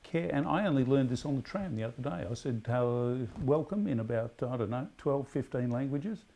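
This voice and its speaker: An Australian man runs a casual pub quiz at a mid-range pitch. He draws each question out slowly for emphasis. Between questions he rambles, trips over his words and corrects himself. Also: lively intonation, creaky, dark tone. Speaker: quiz host.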